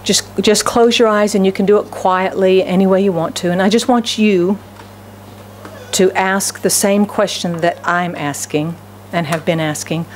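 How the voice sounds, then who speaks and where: A female pastor delivers a sermon in a church sanctuary at normal speed, her medium-pitched voice fairly even in intonation. She shifts between raised, fervent proclamations and near-whispered pleading, repeatedly asking the congregation rhetorical questions. A little hiss or hum is present.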